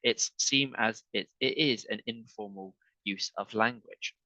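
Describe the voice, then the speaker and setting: Slow, bright-voiced male English teacher. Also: on the low side, dry recording, poor audio. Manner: slow, patient, repeats with "okay". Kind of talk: online ESL lesson.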